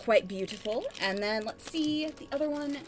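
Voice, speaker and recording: A woman's voice: on the high side, expressive, normal speed, noisy background. A woman hosting a tabletop game stream, chatty and rambling as she reads announcements. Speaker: stream host.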